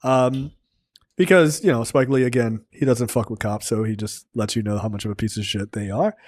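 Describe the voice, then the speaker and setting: A man's voice: medium pitch, moderate pace, dry recording, studio quality. A man co-hosting a movie review podcast in casual chat, swearing a lot and acting out scenes. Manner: animated, profane, acts out scenes in voices. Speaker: podcast co-host.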